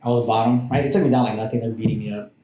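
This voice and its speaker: A man tells stories from his past in a loose, rambling way, often restarting his sentences and breaking off into asides. His voice is mellow and low in brightness. The room around him is noticeably echoey. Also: fairly even intonation, very fast. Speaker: podcast guest. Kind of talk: casual personal storytelling. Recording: roomy echoing room.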